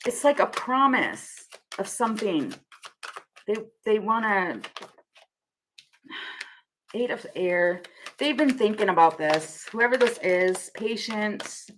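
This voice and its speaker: A woman's voice: mid-range voice, big pitch swings, slow, long pauses, a bit bright, a little hiss or hum. A young woman giving a casual tarot reading to camera, rambling and laughing often as she thinks aloud. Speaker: tarot reader.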